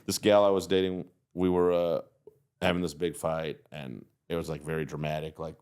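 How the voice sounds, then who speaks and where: A man's voice: rumbling low, level tone, normal speed, darkish tone, clear, resonant tone. A man in his thirties from Texas, a podcast guest telling dry, self-mocking stories with frequent laughs. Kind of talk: casual chat.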